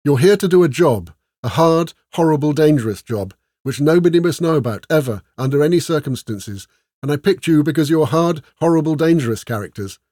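A man's voice: brisk, darkish tone, no echo, clean studio sound, close to an everyday voice. A man reading a story aloud, putting on the voice of an exasperated, short-tempered young noblewoman who scolds emphatically. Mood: scolding. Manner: scolding, emphatic and raised in pitch.

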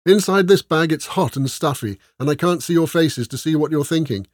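A man's voice: fairly quick, no echo, studio quality, lightly acted. A man reading a story aloud, putting on the voice of an exasperated, short-tempered young noblewoman who scolds emphatically. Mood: irritated. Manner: scolding, emphatic and raised in pitch.

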